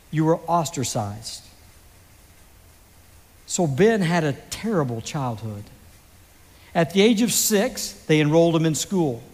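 A high-voiced male pastor preaching at an unhurried pace, building the story slowly with long dramatic pauses. His voice rings out with a long hall reverb from a church sanctuary. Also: darkish tone. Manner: slow, dramatic delivery with pauses. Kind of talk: sermon storytelling.

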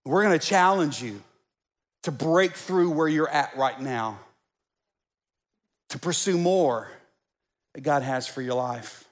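A man's voice: fairly high pitch, animated, slow, pauses often. A man pastor preaching a sermon in a conversational way, stumbling over repeated words and joking with the congregation, in a church sanctuary. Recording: long church-hall reverb.

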